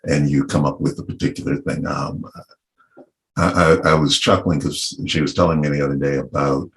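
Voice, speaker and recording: A middle-aged man from Virginia speaking on a panel discussion in a thoughtful, unhurried and wry way. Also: extremely low pitch, a bit bright, slight background noise. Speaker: panel guest.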